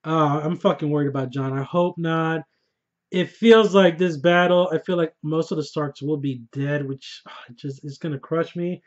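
A man reviews a TV episode in loose, casual chat, swearing freely and laughing as he goes. His voice sits a little high for a man and he gets worked up easily. The audio is somewhat dull and lo-fi. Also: normal speed. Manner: excitable, profane, laughs often. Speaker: TV show reviewer. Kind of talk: casual spoiler review vlog.

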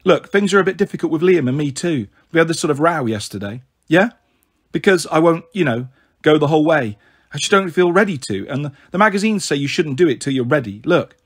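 A man's voice: on the high side, animated, brisk, breathy edge. A man reading aloud and voicing an upset thirteen-year-old girl who talks hesitantly and tearfully. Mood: troubled. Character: upset teenage girl, anxious and pressured.

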